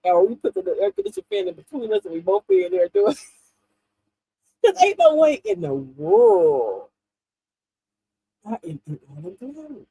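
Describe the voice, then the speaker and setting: A woman in her fifties hosting a livestream, telling funny stories in an animated, laughing way to her viewers. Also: sits high, normal speed, vocal fry, long pauses, no room sound, low-quality recording. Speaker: livestream host. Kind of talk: casual chat to viewers.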